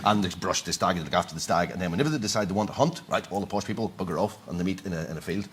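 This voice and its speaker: A man's voice: low voice, very fast, a little hiss or hum. A man on a comedy panel, telling a rambling story with lots of repetition. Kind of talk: comic banter on a panel.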